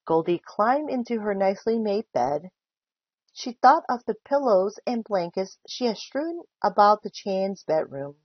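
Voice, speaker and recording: A woman volunteer reading a children's book aloud with expressive storytelling. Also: mid-range voice, unhurried, breathy edge, dry recording, lo-fi sound. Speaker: volunteer reader.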